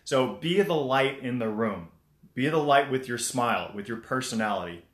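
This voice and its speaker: A man's voice: medium pitch, animated, moderate pace. A man hosting a casual live stream, giving life tips, greeting viewers by name and often repeating himself. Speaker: motivational livestream host. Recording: roomy echo.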